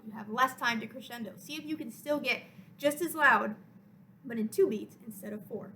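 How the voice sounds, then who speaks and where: A woman orchestra teacher explaining music step by step in a clear, encouraging way for a recorded lesson. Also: fairly high pitch, normal speed, poor audio.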